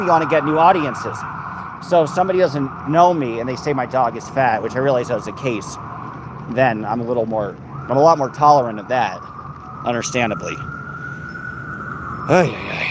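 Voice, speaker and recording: This man's voice sits in the mid range and moves a little fast as he walks a city street streaming live from his phone. He talks casually to chat, growing frustrated and heated, cursing, then reads viewers' messages. Loud traffic and street noise come through the phone mic.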